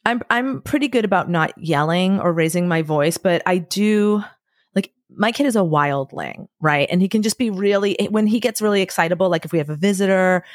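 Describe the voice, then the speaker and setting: A woman in her forties talking as a podcast guest, telling candid stories with lively acted-out quotes and casual swearing. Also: lowish voice, a little fast, dry recording, studio quality. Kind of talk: candid conversational storytelling.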